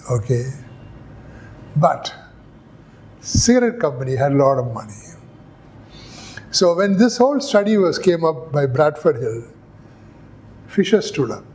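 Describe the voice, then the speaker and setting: With a warm tone and a voice that runs a little high, an older Indian man lectures on epidemiology in a classroom. He moves slowly, weaving in stories, acted-out dialogue, and rhetorical questions.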